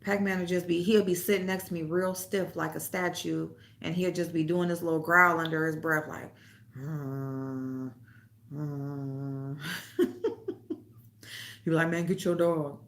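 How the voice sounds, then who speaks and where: Gravelly-voiced woman telling stories casually. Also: on the low side, level tone, moderate pace, a bit bright. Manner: loose storytelling, laughs often, swears freely, reads comments aloud. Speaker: host. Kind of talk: casual livestream chat.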